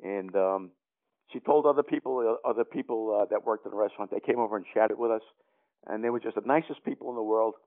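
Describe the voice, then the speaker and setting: A man's voice: lowish voice, fast. An older man with a New York accent, telling a long story as an interview guest in a rambling way full of fillers and restarts. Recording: tinny phone line.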